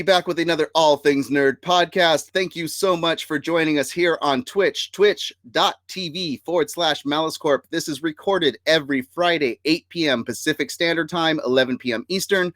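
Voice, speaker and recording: A man's voice: a little high, normal speed, hardly any pauses, fairly bright tone, no echo. A man hosting a casual live-streamed nerd podcast, upbeat and chatty, laughing often and using fillers. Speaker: podcast host.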